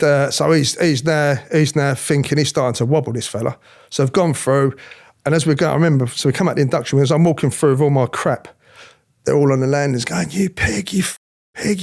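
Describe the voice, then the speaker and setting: A middle-aged man telling his story in an interview, animated, acting out other people's voices, often restarting his sentences. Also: fairly high pitch. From England. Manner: animated, acts out quoted voices, frequent restarts. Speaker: interviewee, former police officer.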